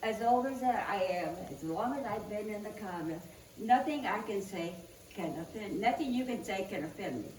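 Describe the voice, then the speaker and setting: A woman voicing a calm elderly nun in a joke, speaking gently and softly. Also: medium pitch, moderate pace, roomy sound, distant mic, slight background noise, close to an everyday voice, low-quality recording. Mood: gentle.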